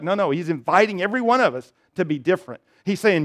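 High-voiced pastor preaching with humor. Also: male voice, animated, a little fast, hardly any pauses, fairly bright tone. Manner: storytelling, self-deprecating humor, rising emphatic appeals. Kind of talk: sermon.

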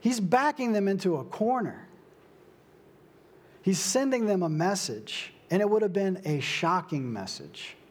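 A young adult man preaching a sermon, slow and emphatic, with dramatic pauses. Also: high-pitched, big pitch swings. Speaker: pastor.

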